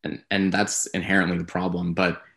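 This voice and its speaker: On a podcast, a male co-host with a very deep, gravelly voice chats casually about sports. His tone stays flat and even as he hedges and rambles through his points in a measured way.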